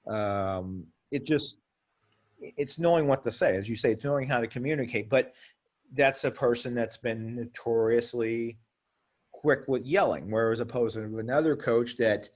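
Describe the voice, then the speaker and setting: Guy rambling about reffing, mid pitch, keeps restarting and repeating himself. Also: normal speed. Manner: rambling, repeats words, acts out coaches' retorts. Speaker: officials association president. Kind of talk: casual discussion.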